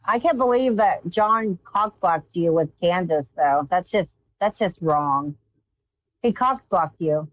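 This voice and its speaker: A woman's voice: lowish voice, expressive, slow pace, no echo. Teasing woman co-host, lo-fi. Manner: casual, teasing remarks. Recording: dull, dry lo-fi stream audio.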